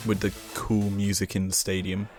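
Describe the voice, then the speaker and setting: A man's voice: low voice, monotone, moderate pace. A man giving casual gameplay commentary as host and reading the on-screen dialogue aloud between his comments. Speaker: gaming channel host. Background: game music.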